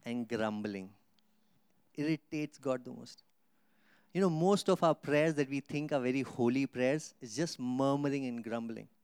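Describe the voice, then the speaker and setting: A man, a pastor, preaching a sermon, asking the congregation questions and swinging between quiet low asides and loud, drawn-out Scripture reading. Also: clear, resonant tone, no room sound.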